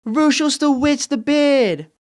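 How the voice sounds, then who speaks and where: A young man voicing his smug, bossy older sister with a flat, dismissive delivery. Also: high voice, fast talker, slight background noise. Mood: taunting yell.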